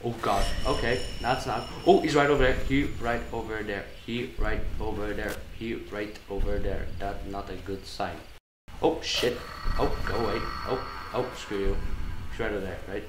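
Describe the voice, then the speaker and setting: A man's voice: on the low side, steady tone, moderate pace, roomy sound, noisy background. A man giving let's-play commentary on a horror game, jumpy and swearing, talking to himself as he plays. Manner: jumpy, swearing, talks to himself while playing. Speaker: gaming channel host.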